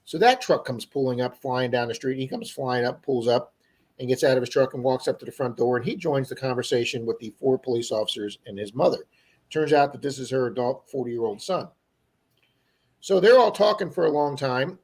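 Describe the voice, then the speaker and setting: Man telling a story, casual and animated. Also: medium pitch, fairly quick, breathy edge. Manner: animated storyteller who acts out quoted people. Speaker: livestream co-host.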